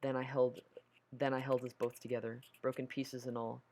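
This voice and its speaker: A man's voice: mid-range voice, flat delivery, normal speed, a little mellow. A man reading a horror story aloud, nervous, stumbling over words and correcting himself. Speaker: story narrator.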